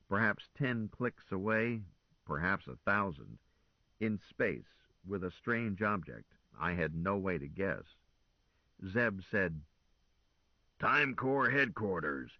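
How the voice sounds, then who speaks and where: A man narrates a novel in a measured, expressive voice. His pitch moves in lively arcs. The recording is very dry and a bit dull. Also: dry recording. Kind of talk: audiobook narration.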